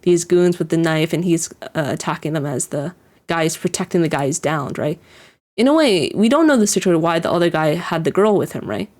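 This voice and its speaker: Talking a little fast in a fairly low, darkish voice with lively intonation, this woman gives a rambling reaction to an anime episode. Her commentary is full of fillers like "like," false starts, and chuckles over the scenes.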